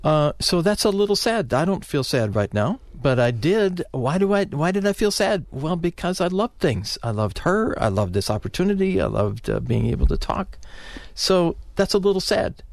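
A middle-aged man giving advice on a call-in radio show, speaking haltingly with many fillers and restarts. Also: a little high, sing-song, vocal fry, no room sound. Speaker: guest therapist.

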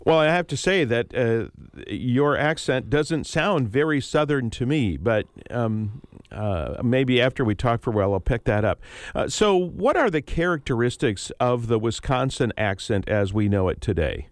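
A man's voice: medium pitch, lively intonation, no room sound. Male public radio morning host. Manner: friendly, measured interviewer with fillers.

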